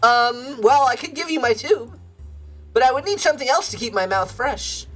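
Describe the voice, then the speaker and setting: A woman's voice: sits high, expressive, moderate pace, fairly bright tone, faint music behind. A woman voicing a smug, vain dog. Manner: smug, boastful. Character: vain male dog, proud of his teeth.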